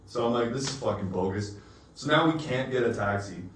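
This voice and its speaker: A man's voice: fairly low pitch, fairly quick. A man telling a rambling, profane anecdote as a podcast co-host, recorded in a casual chat. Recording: echoey room, distant mic, faint noise.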